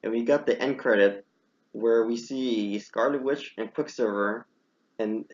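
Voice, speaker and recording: Young guy chatting, gets all worked up acting out his reactions, mid pitch, kinda muffled lo-fi audio. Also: measured pace. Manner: excitable storyteller, acts out his own past reactions. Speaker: podcast host. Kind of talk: casual chat. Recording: muffled lo-fi recording.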